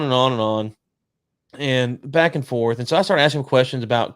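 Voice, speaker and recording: A man's voice: mid-range voice, normal speed, fairly bright tone, smooth, dry recording, clean studio sound. A man co-hosting a casual talk show, telling a long story with lots of quoted dialogue and restarts. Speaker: podcast co-host.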